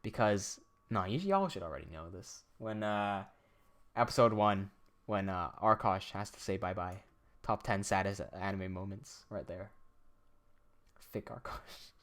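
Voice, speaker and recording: A man's voice: fairly low pitch, unhurried, a bit bright. Young man chatting on a livestream. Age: young adult. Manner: laughs often, swears casually, reads chat aloud. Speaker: livestreaming animator. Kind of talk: casual livestream chat.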